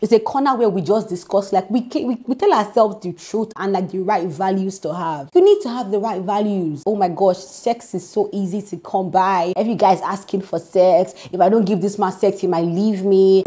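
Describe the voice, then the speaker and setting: A woman's voice: mid-range voice, warm tone. A young woman with a Nigerian accent, hosting a reaction commentary and giving emphatic, preachy sisterly advice. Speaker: host.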